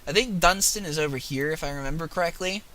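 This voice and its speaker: A young man giving casual, profane, excitable commentary while playing a video game. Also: on the high side, fast talker. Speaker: gaming video host.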